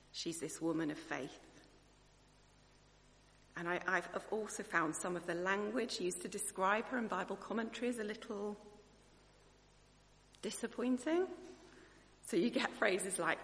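A woman preaches an earnest, conversational sermon, often pausing to think aloud. Her voice is lowish and sharply bright. A long reverb from the church hall surrounds her.

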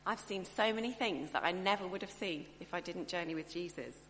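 A woman preaching a sermon in a chatty, expressive way, often breaking off and restarting her thoughts. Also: on the low side, brisk. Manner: chatty, expressive, self-interrupting. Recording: echoey hall, faint hum.

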